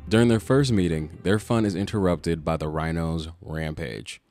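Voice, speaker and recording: Deep-voiced casual male video essayist. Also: normal speed, a little mellow, no echo, faint music behind. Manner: casual, joking, swears freely. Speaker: podcast host. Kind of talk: comic book video essay narration.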